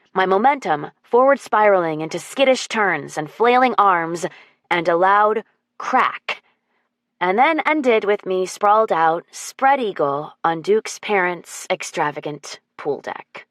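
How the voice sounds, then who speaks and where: Expressive woman narrating a romance audiobook. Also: lowish voice, unhurried, no room sound, clean studio sound. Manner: expressive, wry.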